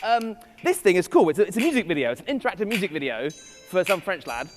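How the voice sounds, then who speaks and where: With music playing, an English-accented man gives a keynote as a conference speaker on a festival stage in a large hall, mixing in playful, self-mocking asides for the live crowd. His voice sits high, with big pitch swings and a quick pace. The hall adds long reverb.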